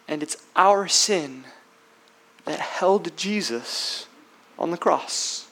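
A man preaching a sermon as pastor, emphatic, swinging between loud declarations and hushed passages, with rhetorical questions. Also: a little high, very slow.

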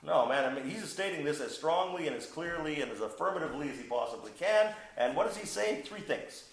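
A man's voice: on the high side, expressive, a little fast, roomy sound, poor audio. A man preaching a sermon, teaching verse by verse with emphatic, playful asides and questions to the congregation. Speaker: pastor.

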